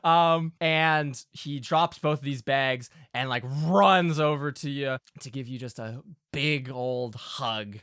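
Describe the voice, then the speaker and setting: A man's voice: mid-range voice, slow, hardly any pauses, a bit bright, smooth, no echo, clean studio sound. A man narrating as game master of a tabletop game, casual and full of fillers.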